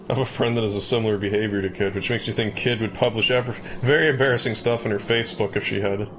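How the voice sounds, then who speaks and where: A man chats casually with viewers while he streams a game. His voice is low and his delivery is bright and forceful, and he rambles through loose asides. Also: steady tone, rapid-fire, slight background noise. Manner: rambling, chatty, with frequent fillers and asides. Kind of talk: casual chat while playing.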